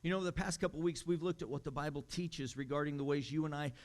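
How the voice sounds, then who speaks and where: A man's voice: fairly high pitch, fairly even intonation, fast talker. A man preaching a sermon as pastor, conversational with fillers and amused asides. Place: church.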